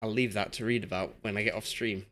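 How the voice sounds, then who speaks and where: A man's voice: on the low side, steady tone, fast talker, a bit bright. A young man from Yorkshire chatting casually while live-streaming a football management game and reading chat aloud. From Yorkshire, England.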